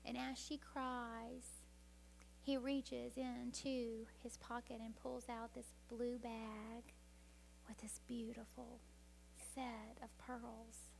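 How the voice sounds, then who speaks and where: A woman speaking from a stage at a women's event, telling a parable with dramatic pacing and hushed whispers, then urging listeners to change. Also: a little high, level tone, slow pace, gravelly, a little hiss or hum. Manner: dramatic storytelling, dropping to hushed whispers for tender moments. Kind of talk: inspirational talk with storytelling.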